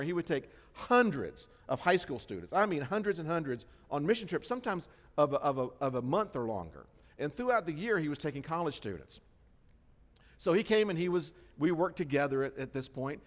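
A man pastor preaching a sermon, telling a story with lively swings between soft and loud. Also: on the high side, in a large hall. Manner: storytelling, animated swings in loudness. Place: church sanctuary.

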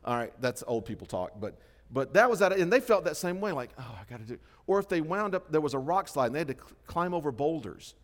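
A middle-aged man preaching a sermon, lively and conversational, acting out the voices he quotes. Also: a little high, quick pace. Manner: animated storytelling, acts out quoted voices. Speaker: pastor. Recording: long hall reverb.

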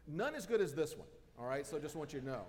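A man's voice: a little high, sing-song, fast talker, darkish tone. Male pastor, casual joking delivery full of fillers, reverberant sanctuary sound. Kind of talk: conversational sermon. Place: church sanctuary.

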